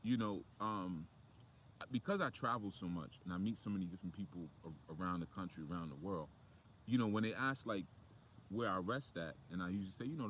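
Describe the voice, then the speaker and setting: A man with a low voice gives a casual spiritual talk outdoors. He preaches in a loose, conversational way, full of fillers and asides, with faint outdoor ambience around him. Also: a little hiss or hum. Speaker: spiritual motivational speaker.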